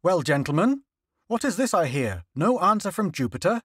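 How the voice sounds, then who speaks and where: The pushy, high-strung tycoon of an old storybook as a man reads him aloud, raised a notch above the reader's own voice, firing off impatient questions. He speaks in a dry, close recording with no room around him. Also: sing-song, a bit bright, slightly rough, no echo, heavily acted. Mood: brisk, demanding. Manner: brisk, demanding, impatient questions. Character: imperious wealthy male newspaper magnate.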